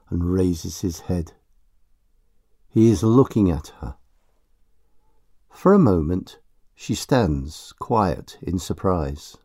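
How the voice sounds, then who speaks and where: A low, mellow male voice reading a storybook aloud at a leisurely pace. His pitch moves widely and expressively, and the sound is dry and close to the mic. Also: husky, no room sound. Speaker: narrator. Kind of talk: storybook narration.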